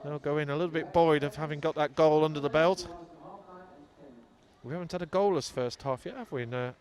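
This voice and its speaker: A man giving live football commentary outdoors, excitable, his voice leaping up when goals go in. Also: a little high, brisk. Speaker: match commentator. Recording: crowd noise behind.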